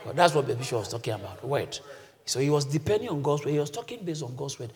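A male pastor preaching a sermon, swinging from quiet teaching to shouted calls that the congregation answers. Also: mid-range voice, lively intonation, quick pace. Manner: congregation shouts back responses.

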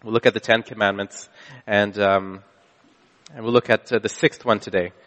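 A man's voice: lowish voice, fairly even intonation, moderate pace, fairly bright tone. A man preaching a sermon, telling a personal story in a casual, conversational way and often restarting his phrases. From Canada. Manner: casual storytelling with frequent restarts and self-corrections. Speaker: pastor. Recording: long hall reverb.

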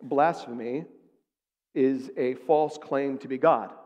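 A man's voice: mid-range voice, fairly even intonation, takes it slowly, darkish tone. A man preaching a sermon as pastor, speaking emphatically and putting rhetorical questions to his congregation. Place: church sanctuary. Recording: long reverb of a large sanctuary.

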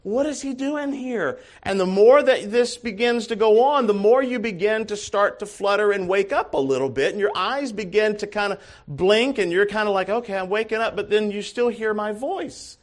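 Male pastor, high voice, emphatic sermon delivery that swings from hushed to shouted. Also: moderate pace, hardly any pauses. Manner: emphatic, swings from quiet asides to shouted calls.

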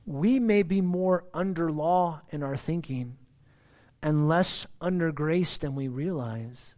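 A man's voice: a little high, takes it slowly, darkish tone. A man preaching a sermon in a loose, conversational way, trailing off into restarts and repeated words. When he drives a point home he pushes his voice up and out, then settles back down. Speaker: pastor.

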